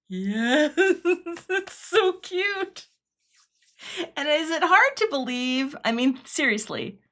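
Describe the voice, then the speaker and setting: A woman's voice: medium pitch, sharp tone. A woman hosting a live craft stream, chatting and thinking aloud as she works and thanking viewers in the chat. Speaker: craft livestream host.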